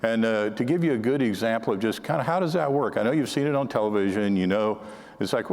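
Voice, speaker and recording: Older guy giving a talk in a big echoey hall, lowish voice, chatty and storytelling, keeps restarting his sentences. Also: fairly quick, a little mellow. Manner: anecdotal, conversational, frequent restarts. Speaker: conference speaker on counterintelligence.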